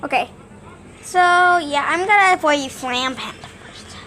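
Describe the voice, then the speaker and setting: A woman's voice: sits high, slow pace, bright, forceful tone, a little hiss or hum. A woman vlogger in rambling, complaining casual chat.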